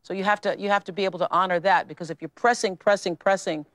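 A woman's voice: medium pitch, steady tone, fast, fairly bright tone, dry recording, studio quality. A woman answering an interview question in an archive clip, speaking earnestly and restarting her phrases as she goes. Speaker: interview guest.

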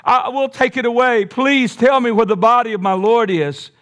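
Man doing a grieving woman disciple, high and pleading, raised voice. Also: normal speed, a bit bright. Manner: pleading, emotional.

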